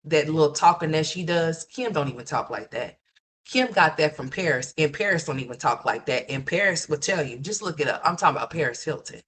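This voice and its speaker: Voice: mid-range voice, expressive, fairly quick, a bit bright, slight background noise. A livestream host giving ranting gossip commentary, blunt and profane, repeating points and talking straight to viewers.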